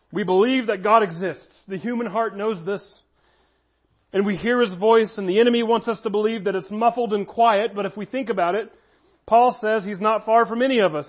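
A man preaching a sermon as pastor, earnest, slowing down to stress key phrases. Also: sits high, highs cut off.

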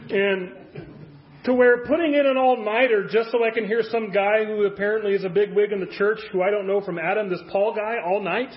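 A man's voice: high voice, fairly even intonation, brisk, muffled recording. A man preaching a conversational sermon as a pastor, full of rhetorical questions.

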